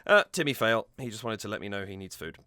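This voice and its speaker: A man's voice: on the low side, animated, fast, pushed and bright, dry recording. A man reacting to and analysing a song cover, gushing with delight and humming bits of melody to explain it. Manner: gushing, hums and sings snippets to explain. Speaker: music reaction YouTuber. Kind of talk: enthusiastic musical analysis.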